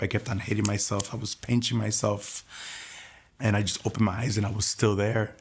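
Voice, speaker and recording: A man telling his personal testimony in an earnest, soft-spoken way. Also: on the low side, flat delivery, brisk, gravelly, husky. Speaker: testimony speaker.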